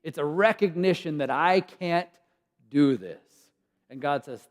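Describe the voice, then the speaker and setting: A man preaching a sermon in a church, animated, acting out voices and now and then dropping to a whisper. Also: a little high, unhurried. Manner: animated, acts out voices of God and people, drops to whispers. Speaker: guest preacher. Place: church sanctuary. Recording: long church reverb.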